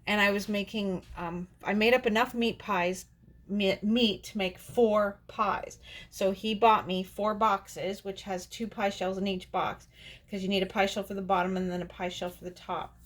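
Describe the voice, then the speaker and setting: A woman's voice: medium pitch, steady tone, normal speed. A woman vlogger talks to her camera in a loose, rambling way. She laughs often and restarts her sentences as she goes, like someone chatting with friends. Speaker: doll artist and channel host. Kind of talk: casual storytelling to camera.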